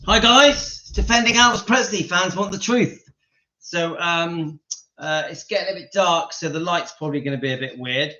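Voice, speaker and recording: A man's voice: fairly high pitch, normal speed, pushed and bright. A man hosting a casual live stream from home, laughing often and breaking off to talk to his dog. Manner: giggly, keeps breaking into laughter; talks to his dog between remarks. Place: home, indoors. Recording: dull lo-fi sound.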